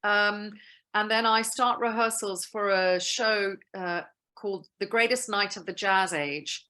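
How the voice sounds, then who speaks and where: A woman, a guest actress, telling stories in a lively, chatty way in a casual interview. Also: medium pitch, a little slow.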